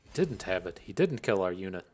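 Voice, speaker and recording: A man's voice: low voice, big pitch swings, a little fast, darkish tone, faint music behind. A man thinking aloud as he commentates his own card game, swearing freely and grumbling between plays. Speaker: gameplay commentator. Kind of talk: casual gameplay commentary.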